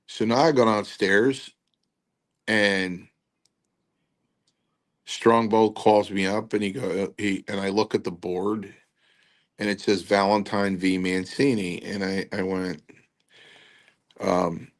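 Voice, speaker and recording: A man's voice: low-pitched, unhurried, long pauses. A man, a guest on a podcast, telling a story casually and acting out the quotes as he goes. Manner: animated, acts out quotes in the story. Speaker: guest, former wrestler.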